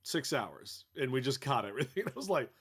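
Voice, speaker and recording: A man's voice: medium pitch, very animated, fairly quick, a bit bright, husky. Laid-back man telling stories on a podcast. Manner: laid-back storyteller, laughs often. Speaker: podcast co-host. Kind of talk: casual chat. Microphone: remote call.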